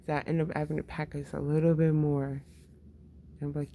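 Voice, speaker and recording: A woman's voice: low voice, level tone, a little fast, warm tone, slight background noise. A woman and mother talking candidly in a casual personal monologue, swearing freely and laughing often.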